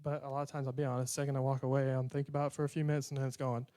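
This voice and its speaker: A man's voice: mid-range voice, level tone, rapid-fire, warm tone. A young man preaching a sermon in a conversational way, acting out prayers and bits of dialogue.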